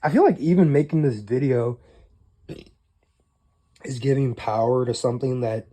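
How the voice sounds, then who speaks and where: A man's voice: medium pitch, moderate pace, mellow. A young man in a rambling, profane casual monologue to camera, full of fillers and rueful disbelief. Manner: rueful, incredulous. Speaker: vlogger.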